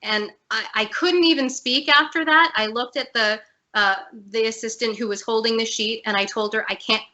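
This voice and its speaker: Bright, earnest woman telling her story. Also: a little high, steady tone, moderate pace, lo-fi sound. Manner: earnest, candid, emotional at times. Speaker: guest. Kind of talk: personal story in an interview.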